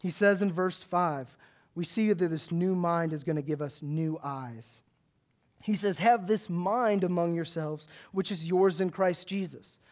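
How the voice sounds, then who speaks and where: Loud, high-voiced preacher giving a sermon. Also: male voice, measured pace. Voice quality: loud, big voice. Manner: animated storytelling with self-mocking humor.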